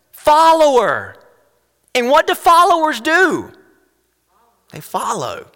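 A male pastor preaching a sermon, animated and full of rhetorical questions, swinging between loud and hushed. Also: high-pitched, big-room sound.

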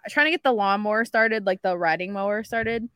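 A woman co-hosting a casual podcast, telling an animated story full of "like" and the odd swear word. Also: medium pitch, brisk, clear, resonant tone, dry recording, clean studio sound. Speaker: podcast co-host. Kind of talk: casual chat.

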